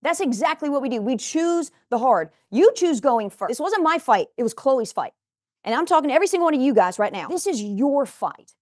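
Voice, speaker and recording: Woman in her forties, motivational speaker, emphatic, talks straight to viewers, bright high voice, dry close sound. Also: big pitch swings, a little fast, dry recording. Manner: emphatic, personal, addresses viewers directly. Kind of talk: motivational talk to camera. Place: studio.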